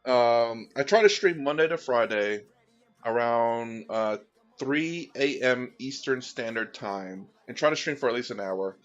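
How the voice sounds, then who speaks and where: A man's voice: medium pitch, expressive, unhurried, a bit bright. A man streaming as he paints miniatures, chatting casually with viewers in a rambling, easygoing way with many fillers and restarts. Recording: dull, slightly lo-fi sound.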